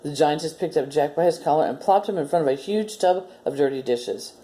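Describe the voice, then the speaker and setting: A woman hosting a children's story time, reading a story aloud and gently explaining a simple demo step by step. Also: low-pitched, animated, fairly quick.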